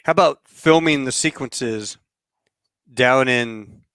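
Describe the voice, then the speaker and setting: A middle-aged man hosting a podcast, telling rambling, animated stories about flying and acting out what others said. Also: medium pitch, slow, smooth, no echo, clean studio sound. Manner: rambling, animated storyteller who acts out quotes. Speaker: podcast host. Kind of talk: casual storytelling chat.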